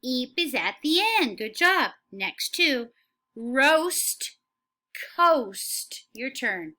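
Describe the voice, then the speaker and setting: A woman teacher leading a phonics lesson for young children, slow and encouraging, saying words for the class to repeat. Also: high voice, sing-song, sharp tone.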